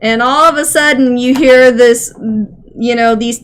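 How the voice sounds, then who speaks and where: A woman narrating a tabletop game as its game master, chatty and giggly, often rambling and filling gaps. Her voice sits a little high for a woman. She takes her time and never rushes. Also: steady tone, fairly bright tone, clear, resonant tone. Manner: casual, giggly, rambling with fillers.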